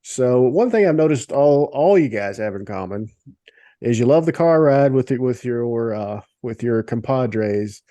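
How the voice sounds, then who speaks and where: A man's voice: mid-range voice, animated, unhurried, warm tone, no room sound. A man hosting a podcast, asking questions and joking with his guests. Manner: joking interviewer. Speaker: podcast host. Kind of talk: interview questions.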